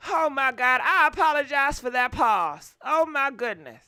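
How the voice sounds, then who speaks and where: A woman hosting a gossip live stream in a loose, chatty way, talking straight to her viewers. Her voice sits high and has a bright, forward edge. She drops a curse word here and there as she goes. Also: animated, moderate pace, few pauses. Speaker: gossip channel host. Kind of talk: casual live-stream commentary.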